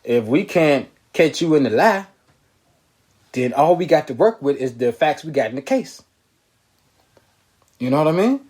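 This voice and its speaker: Slightly high-voiced man hosting a live talk show. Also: sing-song, normal speed, long pauses, a little mellow, husky. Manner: loose and conversational, repeats phrases, reads viewer comments aloud. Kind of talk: casual live-stream commentary.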